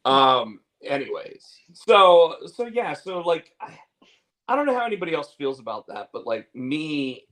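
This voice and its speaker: A man's fairly high, slightly bright voice has a sing-song, unhurried quality, though the audio is poor. Co-hosting a podcast, he rambles through casual chat with restarts, fillers, and repeated words, candid and swearing.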